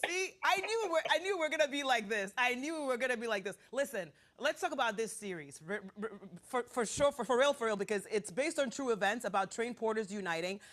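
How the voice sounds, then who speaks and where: A woman's voice: on the high side, lively intonation, quick pace, hardly any pauses, fairly bright tone. A woman hosting a morning show, chatty, bubbly and self-deprecating. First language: Nigerian heritage. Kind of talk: casual chat.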